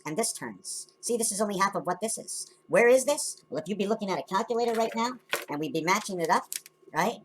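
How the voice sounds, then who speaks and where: A woman's voice: fairly low pitch, slight background noise. A woman talking loosely through her own drawings and designs, wandering from idea to idea and often checking in with "right?". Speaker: video maker explaining her drawings. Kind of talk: rambling casual explanation.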